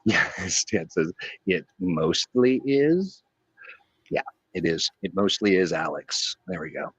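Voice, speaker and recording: A man's voice: deep voice, normal speed, a bit bright, husky, no room sound, low-quality recording. A man co-hosting a livestream chat show, joking and reading chat messages aloud. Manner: jokey, reads chat aloud. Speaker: co-host. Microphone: remote call.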